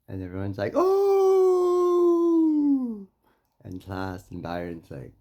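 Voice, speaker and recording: A man from Saskatchewan, Canada, speaking directly to a mayor and making demands, with confrontational stories that swing between loud and quiet. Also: sits low, flat delivery, moderate pace. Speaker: First Nation community member addressing a mayor. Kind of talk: impassioned direct address and storytelling.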